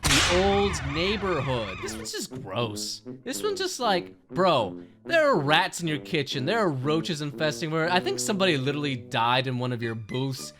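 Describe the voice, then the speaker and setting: Laughing often and cursing without restraint, this young commentary video host ranks things in an animated, sarcastic, casual tone. His voice is a little high and his pace moderate, with music in the background.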